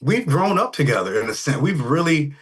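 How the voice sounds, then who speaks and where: A middle-aged man, a rock singer, chatting over a video call in a relaxed, rambling way with many fillers. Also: on the high side, a little fast, slightly rough. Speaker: rock band lead vocalist. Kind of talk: casual interview chat.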